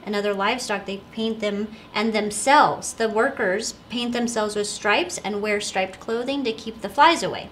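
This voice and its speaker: A woman's voice: medium pitch, moderate pace, hardly any pauses, a bit bright, slight background noise. A woman co-hosting a casual question show, chatty and giggly, telling rambling stories. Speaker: co-host of a store's question show. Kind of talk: casual chat.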